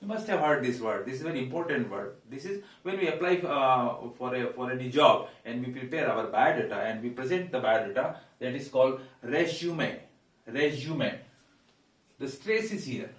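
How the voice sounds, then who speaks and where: A man with an Indian English accent teaching English pronunciation at a whiteboard, halting with frequent "uh"s and repeating words slowly. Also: medium pitch. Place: room with a whiteboard. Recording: roomy echo, mic at a distance.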